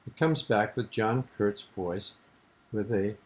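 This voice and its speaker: An older man speaks slowly in a low-leaning voice as he tells a long, wandering story in an interview preserved on archival tape. He's clearly amused and laughs as he goes.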